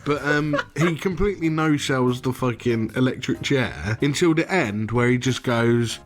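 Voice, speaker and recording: A man's voice: mid-range voice, moderate pace, faint music behind. A man co-hosting a film review podcast, telling crude jokes and laughing through his sentences. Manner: crude, joking, often laughing mid-sentence. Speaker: podcast co-host. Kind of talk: casual film-review banter.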